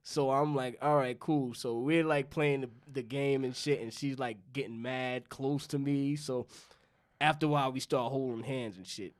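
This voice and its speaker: A man's voice: mid-range voice, fairly even intonation, moderate pace. A young man from New York, a podcast co-host, telling a loose, profane story in casual chat and acting out both sides of the dialogue. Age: young adult.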